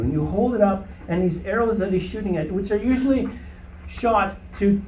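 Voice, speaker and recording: Man, high voice, mellow tone, emphatic Bible teacher, roomy echo, off-mic. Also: moderate pace, distant mic, slight background noise. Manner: emphatic, rising to preaching fervor, often asks "okay?". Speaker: Bible study leader.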